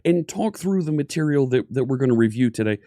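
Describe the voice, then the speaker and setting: A man's voice: medium pitch, animated, fast, mellow, dry recording, studio quality. A man hosting a casual coding live stream, upbeat and chatty, greeting viewers one by one.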